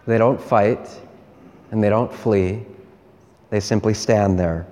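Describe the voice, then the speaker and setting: Priest guy preaching slow and measured, mid-pitched voice, big echoey church sound. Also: fairly even intonation, darkish tone. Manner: slow, measured retelling with repeated refrains. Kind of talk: sermon.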